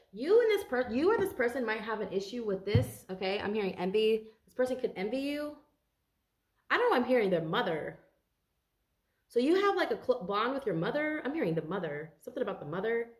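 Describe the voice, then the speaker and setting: A woman's voice: a little high, very animated, fairly quick, roomy sound. A tired woman doing a casual tarot reading for viewers, chatty and rambling and swearing freely. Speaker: tarot card reader.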